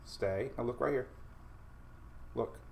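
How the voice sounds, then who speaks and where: A man's voice: mid-range voice, slow pace, vocal fry, a little mellow, slight background noise. A man hosting a casual weather livestream from home, chatty and laughing often while his dogs run around.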